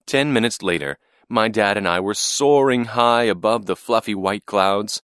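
A man narrating a first-person storybook in a clear, expressive reading. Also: on the low side, moderate pace, few pauses, dry recording, studio quality.

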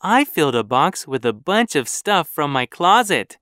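A narrator reading a children's story aloud in a clear, careful, measured way. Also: mid-range voice, sing-song, a bit bright, no room sound, clean studio sound.

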